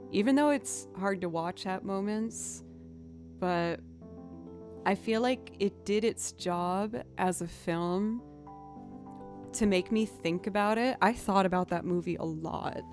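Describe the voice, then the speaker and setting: A woman's voice: lowish voice, darkish tone. A woman musician chatting casually with her stream viewers, rambling and drifting off into tangents.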